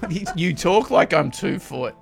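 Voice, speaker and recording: A man's voice: high-pitched, very animated, unhurried, creaky. A man co-hosting a radio show, joking and poking fun at himself. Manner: joking, self-mocking. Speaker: radio co-host. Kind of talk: casual radio banter.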